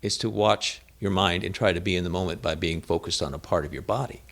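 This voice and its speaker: A man leading a lively spiritual group discussion, telling stories and acting out what others said. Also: low-pitched, fast talker, vocal fry. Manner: animated storyteller, acts out quotes. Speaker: discussion leader.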